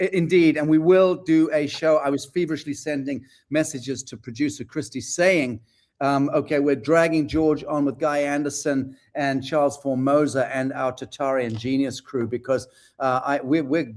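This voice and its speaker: A man's voice: mid-range voice, steady tone, normal speed, a little mellow. A man hosting a panel discussion, reading out audience questions with playful, theatrical banter. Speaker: host.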